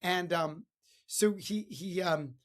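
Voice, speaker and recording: A man's voice: sits high, takes it slowly, a bit bright. A man hosting a podcast, giving a chatty motivational talk full of stories and asides. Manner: chatty, many fillers and restarts, storytelling. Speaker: podcast host.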